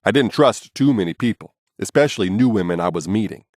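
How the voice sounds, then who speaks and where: Male memoir narrator, low register, street-blunt and unfiltered, dry booth sound. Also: lively intonation, brisk, darkish tone, dry recording. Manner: blunt, casual and profane storytelling.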